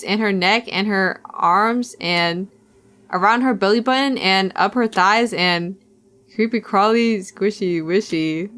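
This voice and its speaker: Young woman, streamer, reads game text aloud, slightly high voice, playful asides. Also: a bit bright. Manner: playful, giggly asides between reading. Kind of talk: reading a visual novel aloud on stream.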